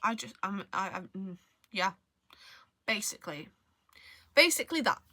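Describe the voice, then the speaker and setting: A woman's voice: medium pitch, unhurried, pushed and bright, no echo. A young woman vlogging about books in casual chat, rambling, often trailing off and restarting her sentences. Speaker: book vlogger. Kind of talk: casual book review chat.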